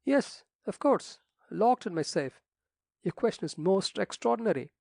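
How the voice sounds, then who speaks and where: A man's voice: high-pitched, sing-song, moderate pace, vocal fry, darkish tone, no room sound, clean studio sound, voice pushed up, heavily acted. A man voicing a fussy, flustered elderly country rector who exclaims and frets.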